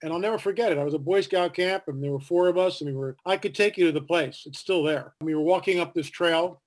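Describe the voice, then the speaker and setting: An older man, an author and podcast guest, telling stories in a lively, animated way and acting out the voices of people he quotes. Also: fairly high pitch, quick pace. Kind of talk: casual storytelling interview.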